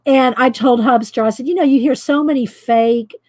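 A woman's voice: high voice, normal speed, a little mellow. A middle-aged woman from Texas with a light Texan accent, chatting casually and rambling while she colors on a live stream. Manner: chatty, rambling, laughs often. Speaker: artist vlogger.

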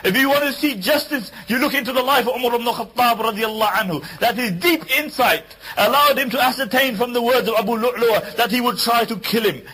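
A man's voice: very high-pitched, a little fast, few pauses, sharp tone, breathy edge, low-quality recording. A man giving an Islamic lecture, telling a story in an earnest, emphatic way and repeating key lines for weight. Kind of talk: storytelling sermon.

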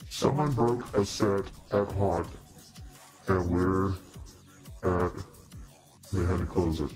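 A man's voice: low voice, slow pace, darkish tone, faint music behind. A man in a casual live-stream chat with viewers, playful and mock-preachy, laughing often. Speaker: costumed demon-character livestreamer.

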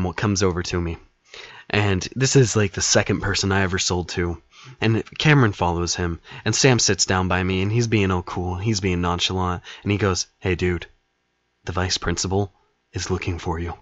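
A man telling a story in a casual, animated way, acting out scenes with dramatic flair. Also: deep voice, no room sound, muffled recording.

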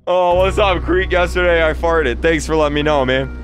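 A man's voice: on the high side, normal speed. Young guy streamer goofing around live, jokey, laughs a lot, bit of music in the back. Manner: joking, playful, laughs at his own pranks. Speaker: game streamer. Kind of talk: live-streamed gameplay chat.

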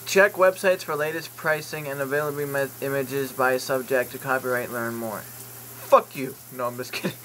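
A man's voice: medium pitch, steady tone, fairly quick, few pauses, a bit bright, slight background noise, rough recording. A man vlogging casually as he browses online, reading product listings aloud with jokey, rambling asides and the odd curse word. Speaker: YouTube vlogger. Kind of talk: casual vlog commentary while browsing online.

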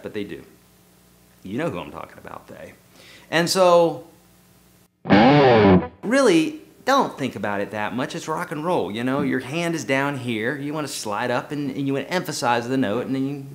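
A relaxed man talks through a guitar lesson at a medium pitch, loose and joking at his own expense. Loud guitar playing runs between and under his words. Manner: loose, joking, self-deprecating. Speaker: guitar teacher.

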